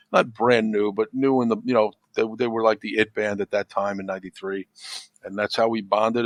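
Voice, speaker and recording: A middle-aged man in casual podcast talk, rambling and repeating words, turning animated when he tells a story. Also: on the low side, no room sound. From United States. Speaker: podcast guest. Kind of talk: casual chat.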